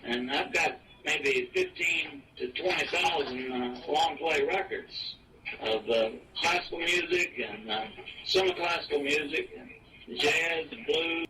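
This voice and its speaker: A man in his eighties from Virginia, reminiscing casually and haltingly, stumbling and repeating words with many fillers. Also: on the high side. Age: 80s. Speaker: retiree interviewed in an archive recording. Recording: distant mic with clear noise in an old home recording.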